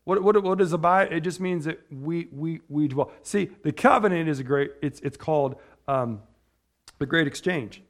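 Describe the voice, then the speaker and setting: A man delivering an informal sermon in a talkative, meandering way. His voice sits a little higher than usual for a man. He restarts his sentences and keeps checking in with the room by asking "right?". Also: moderate pace. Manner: chatty, tags lines with "right?"; rambling with restarts. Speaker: preacher.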